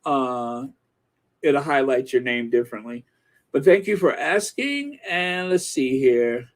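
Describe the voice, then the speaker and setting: A man's voice: mid-range voice, big pitch swings, unhurried, a little mellow. A man hosting a live stream, chatting casually and rambling through viewer comments with many fillers. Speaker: channel host reading viewer comments.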